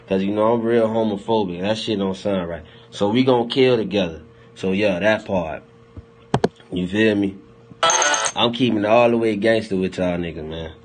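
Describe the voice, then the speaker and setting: A young man chatting loosely on a phone livestream, rambling, laughing and teasing his viewers in heavy slang. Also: lowish voice. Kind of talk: loose joking livestream chat.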